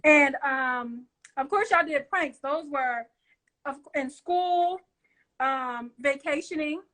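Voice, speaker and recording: A woman's voice: high voice, takes it slowly, fairly bright tone. A middle-aged woman hosting a casual interview, chatty and laughing often as she talks straight to her viewers. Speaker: show host.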